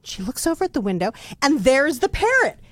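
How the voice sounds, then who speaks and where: A woman's voice: high-pitched, a little fast, slight background noise. A woman co-hosting a podcast, telling a long joke casually and with animation. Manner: animated storyteller. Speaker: podcast co-host.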